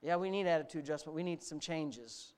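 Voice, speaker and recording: A middle-aged man preaching a sermon, animated and sarcastic, rising to near-shouts. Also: fairly high pitch, fairly quick, clear, resonant tone. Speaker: pastor.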